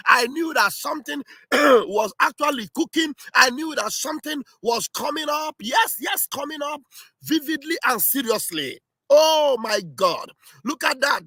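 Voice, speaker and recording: Fervent high-voiced man. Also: dry recording. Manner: fervent, repetitive exclamations, often shouting. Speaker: livestream host. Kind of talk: impassioned political livestream commentary.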